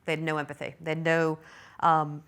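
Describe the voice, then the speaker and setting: A middle-aged woman giving a technical conference talk, chatty and self-deprecating, with quick apologetic asides. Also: deep voice, monotone, a bit bright, smooth. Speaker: conference speaker.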